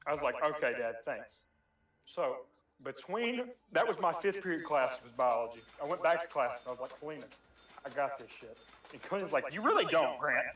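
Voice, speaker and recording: A young man telling a rambling story among friends in a casual chat, animated and swearing, often laughing. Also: on the high side, a little fast. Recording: echoey room, distant mic.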